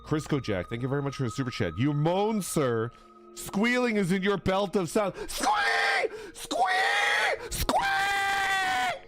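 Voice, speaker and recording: Lively, playful male streamer. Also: moderate pace, loud music behind the voice. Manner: playful and teasing, bursts into high squeaks and laughter. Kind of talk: casual live-stream game commentary.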